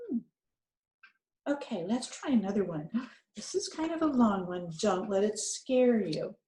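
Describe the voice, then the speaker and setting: A woman's voice: mid-range voice, warm tone, roomy sound. A woman teacher guiding young children through a reading lesson, thinking aloud in an encouraging way.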